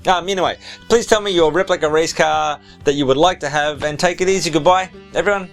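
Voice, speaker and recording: A man's voice: on the high side, fairly quick, soft background music. A man hosting a car video, narrating in a chatty, easygoing way and talking straight to his viewers. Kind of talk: casual vlog narration.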